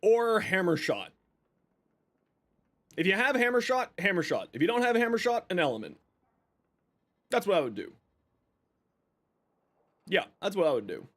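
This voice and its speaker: Upbeat man hosting a gaming stream; bright high voice that swings a lot, chatty and friendly with chat. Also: normal speed, pauses often, no room sound. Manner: greets chat by name, lively and upbeat; eating while talking. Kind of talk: casual live stream chat.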